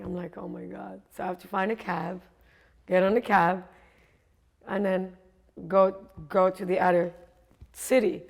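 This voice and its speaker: A woman coach and speaker with a creaky, mid-range voice tells a personal story in a chatty way. She laughs often and acts out what other people said.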